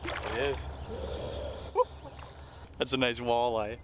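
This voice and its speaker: A man hosting a fishing show from his boat outdoors, narrating with excitable, folksy exclamations. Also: mid-range voice, slow, noisy background. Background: background music.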